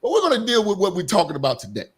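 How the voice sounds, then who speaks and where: High-pitched man lecturing emphatically. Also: huge pitch swings, rapid-fire, slightly rough. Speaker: debate guest. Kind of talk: heated streamed debate.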